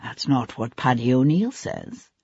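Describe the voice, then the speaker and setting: An audiobook reader voicing a sharp-tongued nobleman investigator who probes with cold, relentless accusations, in a dry, slightly dull recording. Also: mid-range voice, wildly swooping pitch, measured pace, gravelly, slightly rough, dry recording, voice pushed down, heavily acted. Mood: accusing.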